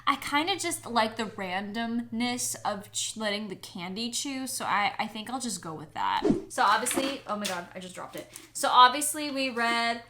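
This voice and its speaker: A woman's voice: a little high, very animated, normal speed, hardly any pauses, very noisy. A young woman chatting casually and emotionally in her reading vlog, with lots of fillers. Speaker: book vlogger.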